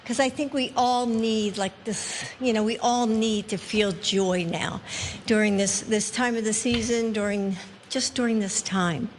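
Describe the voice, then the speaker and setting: A woman giving informal public remarks, halting and searching for words. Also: on the high side, fairly even intonation, big-room sound, a little hiss or hum.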